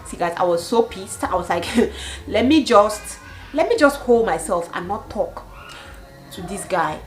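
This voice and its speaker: A young woman from Cameroon in her twenties, telling a storytime vlog with animated storytelling and bursts of laughter. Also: medium pitch, unhurried, faint music behind, rough recording. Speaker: vlogger.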